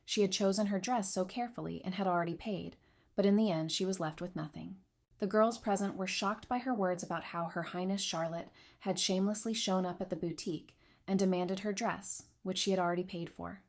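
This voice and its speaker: A woman giving scripted narration of a romance comic recap in an even, steady storytelling manner. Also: mid-range voice, a little fast.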